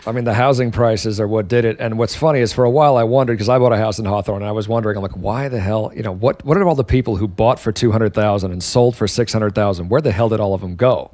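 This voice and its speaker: A man's voice: on the low side, fast, few pauses, a little mellow, no echo. Laid-back man from Los Angeles, dry sound. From Los Angeles area. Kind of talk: casual chat.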